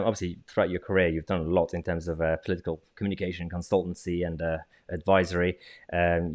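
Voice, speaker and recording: A British man hosting an interview, talking casually with lots of hesitant fillers. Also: low voice. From Britain. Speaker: host.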